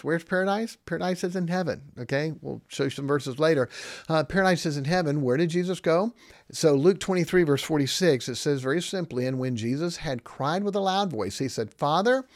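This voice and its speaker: A man's voice: on the high side, dry recording, clean studio sound. A man hosting a podcast, teaching Bible doctrine in an emphatic way, asking questions and answering them himself and reading verses aloud in old-fashioned wording. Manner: reads scripture aloud in King James wording. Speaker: podcast host.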